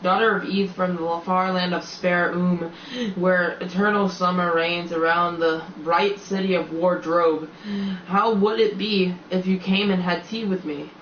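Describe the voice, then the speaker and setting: A man's voice: sits high, fairly even intonation, unhurried, a little hiss or hum. A man voicing a courteous, shy, slightly melancholy male faun in a storybook, with fussy, formal, old-fashioned politeness. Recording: roomy, slightly dull home recording.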